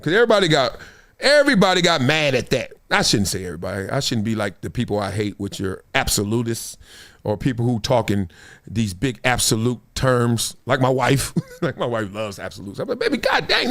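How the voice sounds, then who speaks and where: A middle-aged man hosting a talk show, telling stories with big high bursts, low asides and frequent laughter. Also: fairly bright tone. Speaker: show host. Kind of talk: animated solo commentary.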